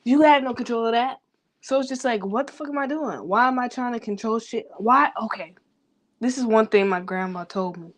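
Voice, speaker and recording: Young woman, vlogger, fast rambling self-talk with heavy swearing. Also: on the high side. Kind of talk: rambling personal venting.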